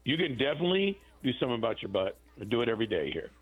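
Husky-voiced man explaining plainly. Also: mid-range voice, very animated, very fast, narrow, tinny audio, soft background music. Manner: explains procedures plainly, restarts often. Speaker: plastic surgeon guest. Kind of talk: casual radio chat.

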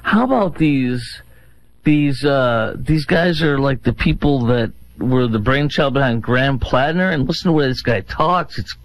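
A man's voice: medium pitch, lively intonation, moderate pace, low-quality recording. A man hosting a talk show, giving sarcastic, mocking commentary on clips.

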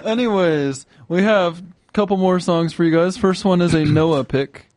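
A young man hosting a casual college radio show, chatty and quick. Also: high-pitched, a little mellow. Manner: quick, chatty, laughs easily. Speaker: radio host.

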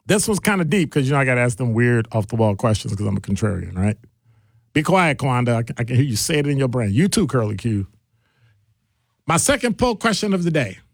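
A middle-aged man hosting a call-in radio show, talking in a jokey, animated way and shifting his voice for quoted people. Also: mid-range voice, a little fast, vocal fry, dry recording, studio quality.

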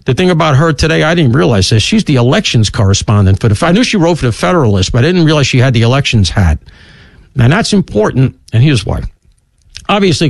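A middle-aged man hosting a talk radio show, delivering an opinionated monologue with rapid asides and sudden swoops in pitch. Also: no room sound. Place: radio studio.

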